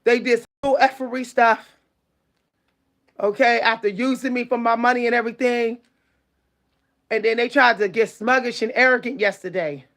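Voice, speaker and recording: Venting furiously to her viewers, this channel host tells a heated story full of swearing and emphatic outbursts. She speaks at a moderate pace with frequent pauses, in a fairly high, steady voice that's a bit bright.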